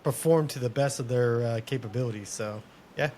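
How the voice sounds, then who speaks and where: A man's voice: mid-range voice, fairly quick, a little mellow, slight background noise. A man hosting a veterans' interview, reflective and searching for words. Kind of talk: conversational interview.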